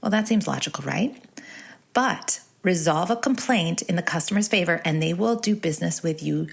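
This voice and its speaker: Low, gravelly Midwestern woman in her forties, upbeat solo podcast host. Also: animated, normal speed. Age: 40s. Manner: bubbly, chatty, drops into breathy asides. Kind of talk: casual solo podcast chat.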